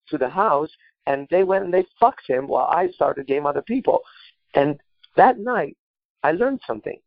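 A man's voice: fairly high pitch, no room sound, dull audio. A man coaching on dating in a casual talk, telling stories with heavy swearing and emphasis. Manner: profane, emphatic storytelling.

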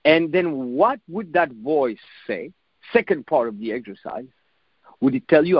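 A man with a high voice gives a reflective motivational talk, coaching his listeners. He repeats phrases and swears now and then. The recording is dry and a little dull. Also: animated, unhurried, slightly rough, no room sound. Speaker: self-help speaker.

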